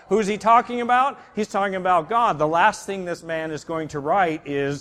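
A man's voice: sits high, moderate pace, few pauses, a bit bright, in a large hall. A man teaching a church Bible class, explaining casually with many fillers and restarts.

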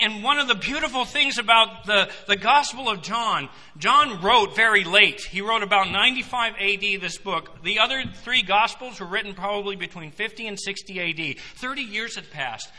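A man preaching a sermon, emphatic, swinging between loud proclamations and quiet asides. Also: high voice, animated, moderate pace, hardly any pauses. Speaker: pastor. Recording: long hall reverb.

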